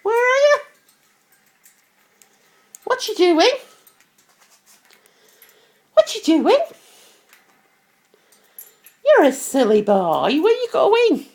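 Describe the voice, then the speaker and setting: British woman baby-talking her parrot, high voice, slow and swoopy. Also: huge pitch swings, a little mellow. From United Kingdom. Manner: coaxing, sing-song pet talk. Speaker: pet owner.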